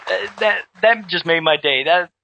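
Man telling a story in a high voice. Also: normal speed, creaky, dull audio, noisy background. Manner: animated, with many restarts and repeated words. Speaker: guest who makes custom action figures. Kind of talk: casual storytelling chat.

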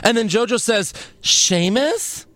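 A man's voice: on the high side, animated, moderate pace, a bit bright, no room sound. A young man hosting a casual wrestling recap podcast, sarcastic and joking, often mimicking people. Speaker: podcast host.

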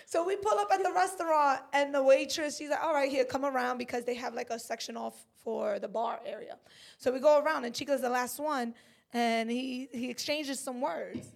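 High-voiced woman swearing through a story. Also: brisk, gravelly. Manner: profane, laughing, lively storytelling. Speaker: podcast co-host. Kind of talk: casual chat.

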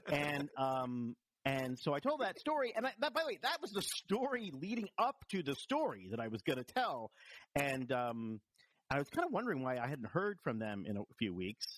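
A man's voice: a little high, big pitch swings, normal speed, no room sound. A man co-hosting a podcast, telling a long anecdote in casual chat with many restarts and a dry tone. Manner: rambling, restarts, dry storytelling. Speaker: podcast co-host and commentator.

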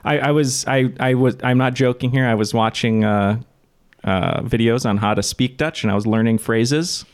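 A man hosting a trivia podcast in casual chat, halting with many fillers and frequent laughs. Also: medium pitch. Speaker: podcast host.

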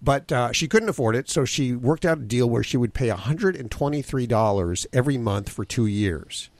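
A man's voice: medium pitch, expressive, moderate pace, dry recording. Man hosting a pet radio show. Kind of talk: casual radio talk.

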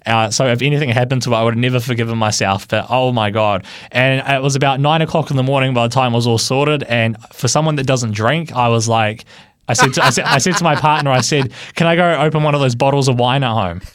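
A man telling a personal story on the radio, animated and lively, laughing along. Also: mid-range voice, quick pace, no echo, clean studio sound. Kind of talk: casual anecdote.

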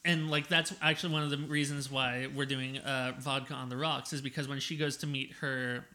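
Male podcast co-host, bright and eager, animated scene recaps. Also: mid-range voice, fairly quick. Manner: excitable, retells scenes with quoted dialogue. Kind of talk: casual film discussion.

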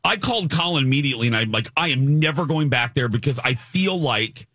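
A man in his forties hosting a radio show, telling a self-deprecating story in an animated way. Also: mid-range voice, fairly quick, no echo, clean studio sound. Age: 40s. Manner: animated, self-deprecating, mimics people he meets. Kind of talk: casual morning-show storytelling. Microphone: studio microphone.

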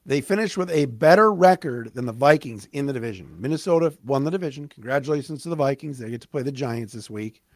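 A man's voice: mid-range voice, fast talker, few pauses, no echo. Emphatic man on a dry sports podcast. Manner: animated, emphatic, fan-like commentary with asides. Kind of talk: solo sports talk recap.

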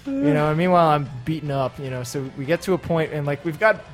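Guy on a podcast spinning a wild story, kinda high voice, keeps cracking up, bit of music in back. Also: fast talker. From English-speaking foreigner living in Japan. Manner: animated, laughs often, acts out quotes. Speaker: podcast host telling a story. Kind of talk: casual storytelling chat.

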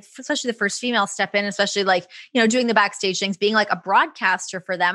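A woman's voice: mid-range voice, bright, forceful tone, no room sound. A young woman from Toronto with a faint Canadian accent, chatting as an interview guest, laughing often and full of "like" fillers. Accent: faint Canadian, trained toward American. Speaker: guest, broadcaster. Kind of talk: casual interview chat.

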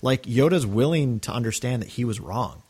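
A man's voice: medium pitch, lively intonation, normal speed, a little mellow, husky. A man co-hosting a podcast, talking earnestly and enthusiastically in casual chat, with many fillers and restarts. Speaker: podcast co-host.

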